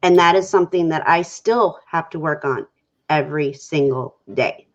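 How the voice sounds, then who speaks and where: A woman's voice: deep voice, moderate pace. A woman guest on a talk show, talking candidly about her relationship and acting out her own past conversations. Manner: candid, animated storytelling that acts out her own past quotes. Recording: dull lo-fi sound.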